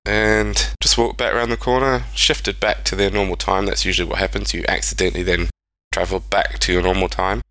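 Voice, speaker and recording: A man's voice: sits low, level tone, a little fast, pushed and bright, rough recording. A man, casually retelling strange stories as a podcast co-host, rambling with speculative asides. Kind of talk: casual storytelling chat.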